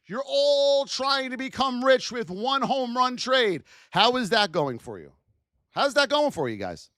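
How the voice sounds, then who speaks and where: A man hosting a live trading lesson, firing rhetorical questions at his chat in a high-energy, hype-driven way. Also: a bit bright, dry recording, clean studio sound. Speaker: trading educator hosting a livestream.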